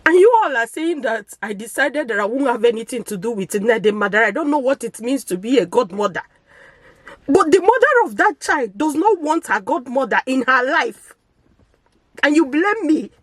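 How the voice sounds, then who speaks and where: A woman's voice: sits high, sing-song, moderate pace, dry recording, poor audio. Tearful Nigerian woman confessing on camera. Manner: pleading, wounded and insistent. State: crying. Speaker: vlogger. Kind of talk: emotional personal confession to camera. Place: village church compound.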